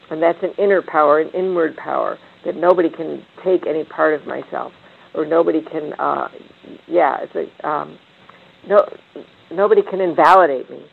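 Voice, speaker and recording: A woman's voice: low voice, gravelly. An older woman leading a reflective panel talk, meandering with frequent restarts and fillers. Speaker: discussion leader. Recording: tinny phone-like line.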